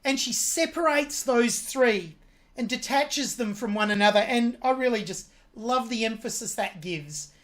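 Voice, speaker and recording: A woman's voice: a little high, unhurried. A woman hosting a music reaction video, analysing a singer's vocal technique with admiring commentary.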